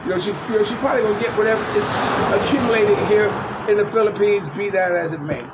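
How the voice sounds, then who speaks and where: An older man with a fairly high voice for a man rambles through a casual vlog at a small outdoor hangout after tennis. He chuckles often and fills pauses with "you know," while traffic and street noise hum steadily behind him.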